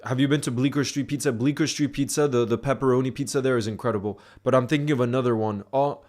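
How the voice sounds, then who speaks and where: A man hosts a live football watchalong stream, talking loosely and chattily while rambling, stumbling over words and often restarting. His mid-range voice is steady and darkish, and he speaks fast.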